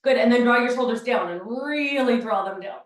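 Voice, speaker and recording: High-voiced woman guiding a Pilates class. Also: fairly quick. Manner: calm step-by-step movement cues. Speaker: Pilates instructor. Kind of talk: guided exercise class. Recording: very echoey room, mic far off.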